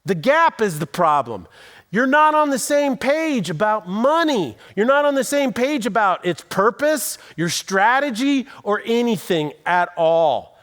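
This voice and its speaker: A man's voice: sits high, very animated, a little slow, fairly bright tone. A male pastor preaching a sermon in a church, telling stories conversationally and acting out quoted voices, with dry, self-deprecating humor. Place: church auditorium.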